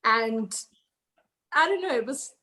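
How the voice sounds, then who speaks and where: A young woman with a fairly high voice, a participant on a video call. She speaks hesitantly, in halting phrases. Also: expressive, sharp tone. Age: young adult.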